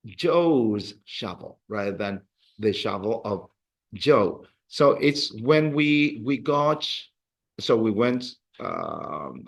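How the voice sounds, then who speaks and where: A man's voice: lowish voice, gravelly. A man teaching a beginner Spanish class, patiently repeating words for drills and encouraging his students. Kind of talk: classroom language lesson.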